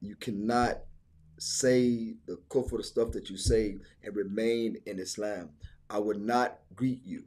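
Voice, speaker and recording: A man's voice: lowish voice, fairly even intonation, slow pace, a little mellow. A man in a casual talk show, arguing an emphatic religious point, repeating himself and using Arabic terms. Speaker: podcast co-host.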